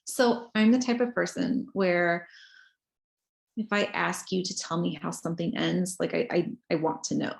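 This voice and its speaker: Creaky-voiced woman telling a story. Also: lowish voice, fairly even intonation, normal speed. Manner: earnest, storytelling with restarts. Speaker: guest author. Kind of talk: casual podcast chat.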